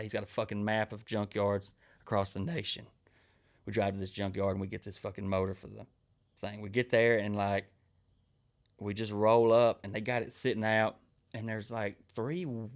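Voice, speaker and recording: A man, a comedian hosting a podcast and telling crude, rambling stories full of swearing. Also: fairly low pitch. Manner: crude, rambling, swears constantly, acts out quoted people. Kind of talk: profane storytelling monologue.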